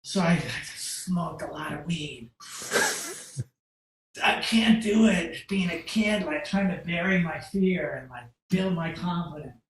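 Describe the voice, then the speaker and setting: Animated man telling a story. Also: a little high, measured pace, few pauses, a little hiss or hum. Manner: animated, acts out quotes, casual swearing. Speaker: podcast guest. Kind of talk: casual storytelling. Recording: roomy echo.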